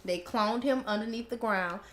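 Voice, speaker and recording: A woman's voice: a little high, moderate pace, a bit bright. A young woman co-hosting a casual chat podcast, ranting emphatically and laughing freely. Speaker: podcast co-host. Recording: roomy echo.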